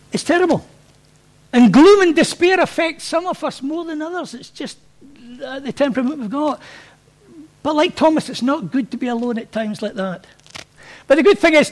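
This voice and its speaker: A pastor preaching a sermon to his congregation in a very high voice. He talks in a conversational, anecdotal way and often acts out the people he quotes.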